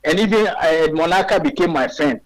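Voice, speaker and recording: High-voiced Ghanaian man arguing his case. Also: a little fast, rough recording. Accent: Ghanaian English. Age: 40s. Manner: emphatic, fires rhetorical questions. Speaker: radio guest. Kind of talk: heated radio talk.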